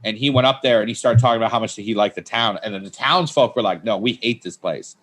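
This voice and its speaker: A stand-up comedian as a podcast guest, telling casual, swear-laden anecdotes in loose, rambling chat. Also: male voice, mid-range voice, fast, fairly bright tone.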